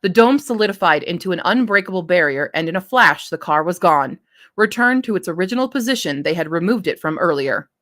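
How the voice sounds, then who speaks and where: Woman, lowish pitch, reads her own fiction draft aloud, self-correcting. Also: expressive, brisk, fairly bright tone. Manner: rereads and corrects lines as she goes. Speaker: streamer reading her own story. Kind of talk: reading a draft story aloud.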